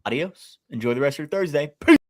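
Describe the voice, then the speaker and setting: Talking fast in an expressive, slightly high voice, the host of a sports betting show goes through picks for his viewers, keeping it casual, chatty and upbeat.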